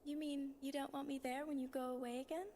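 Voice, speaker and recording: A soft-spoken young heroine from a video game cutscene, voiced by a woman, gentle and hopeful. Her voice sits high and light, with a faint hiss of noise underneath. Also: little pitch movement, quick pace, natural voice. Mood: tender.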